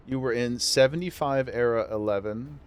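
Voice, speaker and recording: A man's voice: medium pitch, normal speed, smooth. Enthusiastic chatty male streamer. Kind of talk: casual gameplay livestream chat.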